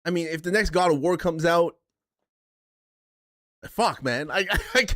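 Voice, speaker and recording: Male streamer host, slightly higher voice, dry close sound, rambling and emotional, casual rant. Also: measured pace, fairly bright tone, no room sound. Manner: rambling, emotional, swears, reads chat aloud. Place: home stream setup in a chair.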